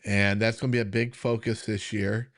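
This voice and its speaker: Hosting a live Q&A stream as a health coach, this middle-aged American man has a lowish, slightly bright voice with flat delivery at a moderate pace. The chat is casual and earnest, full of fillers and restarts, and he fights to keep his emotions in check.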